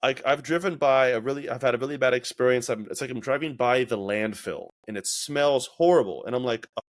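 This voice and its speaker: A man's voice: medium pitch, fairly quick. A man hosting a casual podcast, talking reflectively and acting out his own inner voices as he tells stories. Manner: reflective, animated storytelling with acted-out inner voices. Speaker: podcast host.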